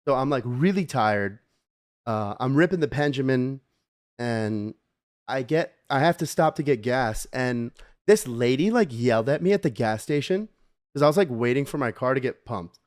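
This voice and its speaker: A man's voice: medium pitch, animated, normal speed, no room sound, clean studio sound. A young man, a podcast co-host, telling a rambling story in casual chat, full of fillers and swearing.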